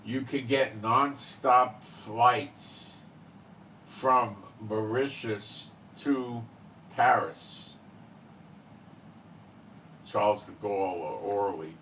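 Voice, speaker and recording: Slow, rambling male host. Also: fairly low pitch, fairly bright tone, distant mic, a little hiss or hum, poor audio. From Israel. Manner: rambling, many fillers and tag questions. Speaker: channel host. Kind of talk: casual monologue.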